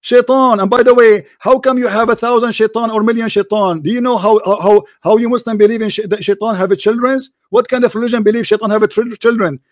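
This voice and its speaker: Guy arguing hard, repeats himself a lot, high voice, dry sound. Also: fairly even intonation, quick pace, hardly any pauses, no room sound. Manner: repetitive, pressing, interrupting. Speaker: debate host. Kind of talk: heated online debate.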